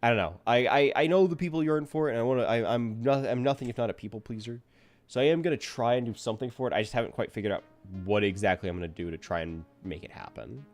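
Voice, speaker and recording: A man's voice: mid-range voice, fast talker, soft background music. A man chatting casually to his viewers at the end of a stream, rambling and self-deprecating.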